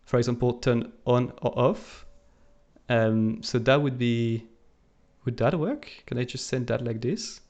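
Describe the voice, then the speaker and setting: A man's voice: medium pitch, a little slow, darkish tone. A man co-hosting a live coding stream, thinking aloud as he types, with frequent fillers. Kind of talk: casual coding walkthrough. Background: keyboard typing and clicking.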